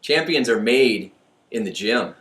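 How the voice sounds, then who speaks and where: An animated man speaks as a motivational speaker, chatty and quick to laugh at his own jokes. His mid-range voice rings in a roomy space and is picked up from some distance away. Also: mid-range voice. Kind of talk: motivational talk. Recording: echoey room, voice from far off.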